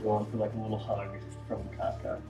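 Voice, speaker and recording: Flat, low-voiced man describing actions. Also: quick pace, roomy sound, over music. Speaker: player. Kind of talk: casual chat.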